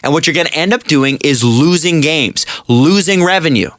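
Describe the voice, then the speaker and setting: A man co-hosting a podcast, making animated, argumentative points in casual chat. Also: fairly high pitch, moderate pace, no room sound, clean studio sound. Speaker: podcast co-host.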